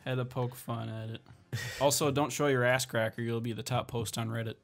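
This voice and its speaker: A man's voice: mid-range voice, steady tone, brisk, vocal fry, faint music behind. A man co-hosting a podcast, cracking crude jokes and interrupting with gags in casual banter. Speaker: podcast co-host.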